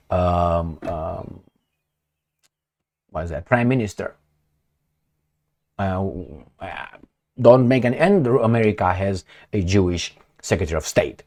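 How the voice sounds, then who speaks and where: A man giving a casual commentary monologue, animated, throwing out rhetorical questions and sarcastic asides. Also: sits low. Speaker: political commentator.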